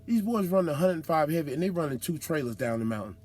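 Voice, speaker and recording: Male trucker vlogger, high voice, lively slang-heavy storyteller who acts out the people he meets. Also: fast. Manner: animated, slangy, acts out other drivers with whoops. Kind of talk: casual storytelling monologue.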